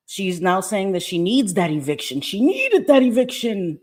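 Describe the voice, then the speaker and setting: A woman's voice: medium pitch, lively intonation, unhurried, a little mellow. A woman in her fifties hosting a casual livestream, chatting and greeting viewers by name with frequent laughter. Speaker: livestream host.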